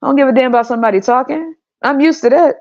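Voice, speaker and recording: A woman's voice: high voice, racing. A woman hosting a podcast, ranting casually with profanity and frequent laughter, in a slightly dull recording. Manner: profane, animated, laughs often. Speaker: podcast host. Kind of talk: casual monologue rant.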